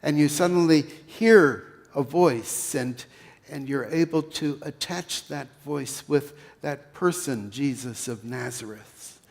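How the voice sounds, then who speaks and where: A man with a Pennsylvania accent preaching a sermon as pastor, leading listeners through a story in a slow, guided way that swells loud and then falls to a hush. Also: a little high, vocal fry.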